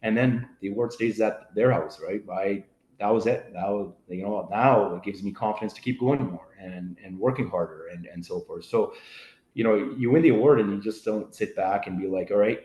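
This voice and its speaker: A man's voice: fairly low pitch, normal speed, dark tone. A middle-aged man telling a story as a podcast guest, rambling with many fillers and acting out what his family said. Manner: rambling, full of fillers, acts out quoted family voices. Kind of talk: casual storytelling. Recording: roomy echo.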